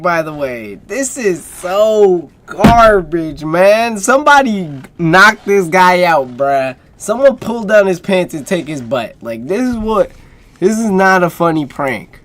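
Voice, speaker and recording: Lively high-voiced male streamer. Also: slow pace. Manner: hype, slangy, talks back at the screen. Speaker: streamer reacting to videos. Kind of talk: casual reaction commentary.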